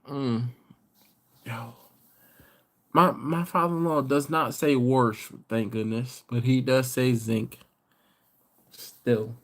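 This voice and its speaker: A man's voice: medium pitch, slow, pauses often. A tired middle-aged man hosting a casual late-night live stream, chuckling and bantering in a laid-back, slangy way as he reads viewer comments. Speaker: barbecue channel host.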